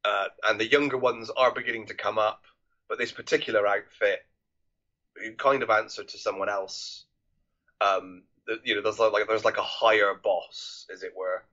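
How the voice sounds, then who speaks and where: A man's voice: fairly low pitch, steady tone, moderate pace, pushed and bright, lo-fi sound. A man co-hosting a casual film review podcast, rambling with many restarts and swearing freely. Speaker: podcast co-host.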